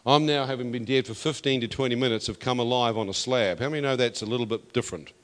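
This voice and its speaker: A man preaching his testimony, his voice sitting at an ordinary middle pitch. He is emphatic and builds toward loud declarations. His voice rings with the long reverb of a large church hall. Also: quick pace. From New Zealand. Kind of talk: testimony sermon.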